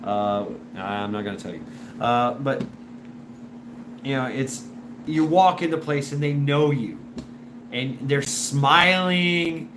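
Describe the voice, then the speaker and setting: A man hosting a show in a casual, rambling monologue, full of restarts and repeated words, and animated when he imitates other people. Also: medium pitch, takes it slowly, pauses often. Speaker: show host. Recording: noisy background.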